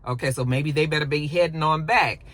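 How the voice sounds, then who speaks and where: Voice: medium pitch, a little fast, a bit bright. A show reviewer recapping an episode in a casual, colloquial vlog, acting out the characters' lines as they go. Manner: chatty, colloquial, acts out quoted lines.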